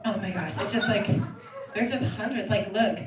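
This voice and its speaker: A woman's voice: mid-range voice, moderate pace, crowd noise, background noise, natural voice. A young woman doing a live improv character, a giddy, scatterbrained Southern girl child star obsessed with toys, who rambles and trails off mid-sentence. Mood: flustered giddy. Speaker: improv performer. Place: theatre stage. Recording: echoey stage, distant mic, loud audience.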